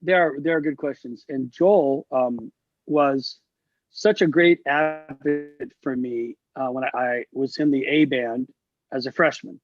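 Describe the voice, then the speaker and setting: With soft music behind him and no room sound, a middle-aged musician guest speaks at a measured pace in a medium-pitched voice. He's an animated storyteller in this casual video-call interview, voicing the people he quotes, and the call audio is dull and lo-fi.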